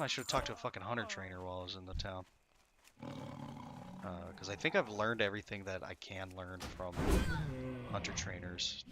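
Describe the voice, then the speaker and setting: A man's voice: low voice, creaky, noisy background. A sleepy man streaming a game, chatting casually and rambling, laughing at himself and swearing freely. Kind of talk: casual live-stream commentary. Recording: game music playing underneath. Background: game music.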